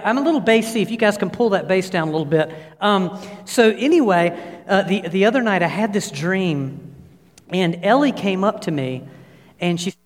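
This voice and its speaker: A man in his fifties preaching over a church sound system. His voice sits high and his delivery is animated, full of fillers and restarts. A long reverb fills the sanctuary behind him. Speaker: pastor. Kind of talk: sermon with personal anecdotes. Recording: long reverb of a large hall.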